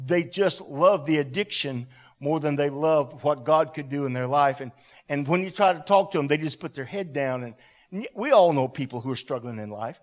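A man preaching a sermon to a congregation in a church hall, animated and calling out to the room. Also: high voice, brisk.

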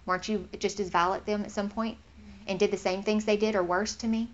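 A woman giving an informal Bible teaching in an earnest, conversational way, getting animated when she acts out what others say. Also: mid-range voice, quick pace. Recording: slightly dull lo-fi recording.

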